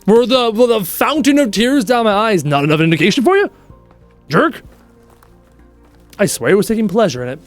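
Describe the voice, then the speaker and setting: High-voiced chatty man streaming live. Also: normal speed, pauses often, soft background music. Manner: chatty, animated storytelling, answers chat questions. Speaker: livestreamer chatting with viewers. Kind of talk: casual live-stream chat.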